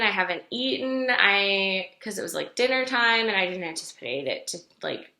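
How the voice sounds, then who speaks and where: Young woman vlogger, late in pregnancy, casual and chatty, full of "like" fillers; bright voice with a lower pitch, echoey room. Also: lively intonation, normal speed, gravelly, few pauses. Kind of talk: casual storytelling vlog.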